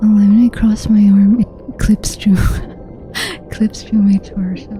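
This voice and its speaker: A woman's voice: medium pitch, level tone, slow, warm tone, soft background music. A woman streamer talking with her chat in a whispered ASMR style, playful and teasing, often giggling.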